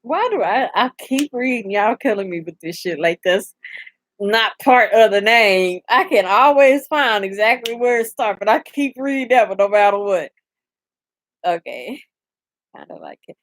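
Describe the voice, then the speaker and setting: A young woman hosting a casual live chat, animated and profane, laughing often and reading comments aloud. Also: mid-range voice, normal speed. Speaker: livestream host.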